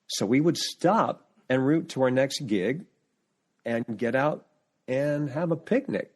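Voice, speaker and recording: Mid-range in pitch, measured in pace and slightly breathy, a male podcast guest chats casually about his family in animated anecdotes, often starting sentences again as he looks for words.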